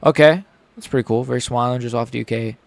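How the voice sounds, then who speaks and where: A man streaming a live fight reaction, excitable and joking, often blurting out swear words. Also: mid-range voice, quick pace, gravelly, no room sound.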